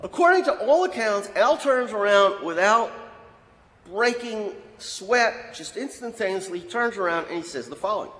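A man giving an anecdotal history talk, an animated storyteller who acts out the quotes he tells. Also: high-pitched, moderate pace. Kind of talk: anecdotal lecture. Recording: hall with long reverb.

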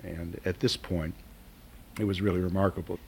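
A middle-aged man and father, slowly recounting a hard family memory with hesitant pauses and emotion. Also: low-pitched, little pitch movement, gravelly, a little hiss or hum. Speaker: father of the patient. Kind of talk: personal storytelling.

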